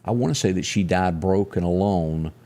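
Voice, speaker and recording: A man's voice: deep voice, normal speed, warm tone. A man with a Southern US accent co-hosting a morning show, chatting casually and reading local ads in a folksy way.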